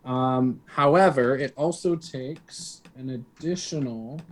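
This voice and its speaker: Taking his time, a man with a mid-range voice thinks through his turn in a tabletop game on stream, voicing his hesitant reasoning as he goes.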